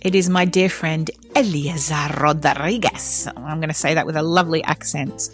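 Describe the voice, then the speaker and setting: A woman's voice: low-pitched, steady tone, a little fast, faint music behind. A woman opera singer co-hosting a casual podcast, with playful, self-mocking humor.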